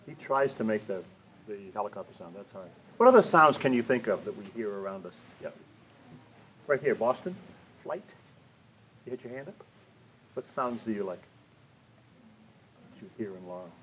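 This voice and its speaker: A man's voice: lowish voice, lively intonation, normal speed, pauses often, fairly bright tone, low-quality recording. An older man reading a children's picture book aloud at a library storytime, playful with sound effects and sing-song repetition, then chatting with the kids. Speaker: storytime reader. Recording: faint room noise, community TV recording.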